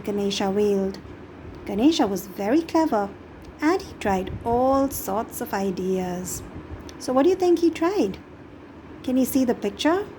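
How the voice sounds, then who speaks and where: A woman reads a children's picture book aloud in a high, slow voice. She is gently expressive and keeps asking the young listener questions, with a faint hum of room ambience behind her. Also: rough recording. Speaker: storybook reader.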